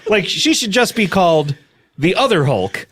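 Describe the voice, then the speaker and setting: A man's voice: high voice, very animated, moderate pace, fairly bright tone, husky. A man hosting a comedy podcast, teasing his guest and rambling with many fillers. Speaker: podcast host. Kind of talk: improvised comedy chat.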